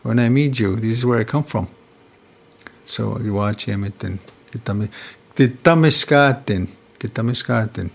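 A man from Canada telling traditional star stories in an unhurried, conversational way, often tagging his phrases with "eh?". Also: lowish voice, fairly even intonation, vocal fry, darkish tone. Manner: unhurried, repetitive, ends phrases with "eh?". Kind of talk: casual storytelling conversation.

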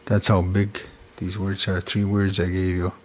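A man from Canada telling traditional star stories in an unhurried, conversational way, often tagging his phrases with "eh?". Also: deep voice, completely flat delivery, darkish tone. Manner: unhurried, repetitive, ends phrases with "eh?". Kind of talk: casual storytelling conversation.

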